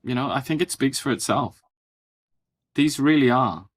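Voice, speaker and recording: A man's voice: mid-range voice, lively intonation, moderate pace. A man co-hosting a political talk show, speaking with dry, mock-serious sarcasm. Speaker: co-host. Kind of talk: political commentary chat.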